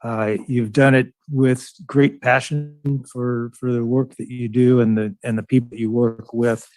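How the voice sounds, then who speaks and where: A man's voice: medium pitch, flat delivery, measured pace, darkish tone, dry recording. A man, a county supervisor, hesitantly offering thanks and good wishes at a public meeting over a video call. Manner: hesitant, filler-heavy. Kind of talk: spoken tribute at a public meeting.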